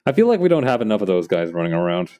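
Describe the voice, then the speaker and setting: Lively low-voiced man musing while drawing. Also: very fast. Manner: rambling, musing asides between drawing remarks. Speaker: comic artist streaming his work. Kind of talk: casual chat while drawing.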